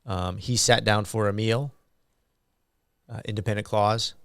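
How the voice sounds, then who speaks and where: A man delivers a university grammar lecture at an unhurried, deliberate pace, pausing often with ums and uhs. His low voice has a gravelly edge yet stays smooth and clear, recorded dry and close. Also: steady tone, no room sound. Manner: slow and halting, many ums and uhs.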